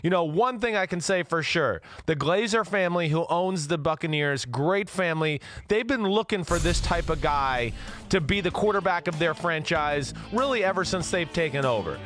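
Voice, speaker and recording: A man's voice: fairly high pitch, lively intonation, moderate pace, a bit bright, faint music behind. A middle-aged man and former quarterback co-hosting a casual sports talk show, rambling with many fillers and restarts.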